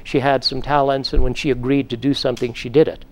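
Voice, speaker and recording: A man's voice: medium pitch, flat delivery, fast. A middle-aged male psychotherapist giving a lecture, telling clinical case stories and acting out stern lines in a raised voice.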